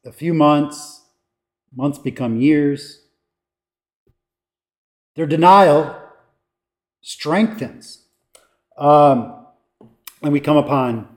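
A pastor delivering a sermon, his voice sitting high for a man. He preaches slowly and emphatically, leaning on dramatic pauses and acting out the quoted lines. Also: darkish tone.

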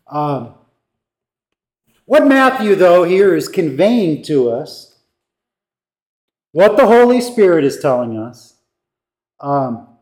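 A man preaching a sermon as pastor, emphatic, with dramatic pauses and quoted lines acted out. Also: on the high side, very animated, darkish tone.

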